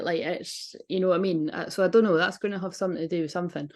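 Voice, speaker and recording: A woman's voice: fairly low pitch, steady tone, fast, few pauses. A woman talking as a spiritual reader in a casual, rambling monologue, frank and swearing freely.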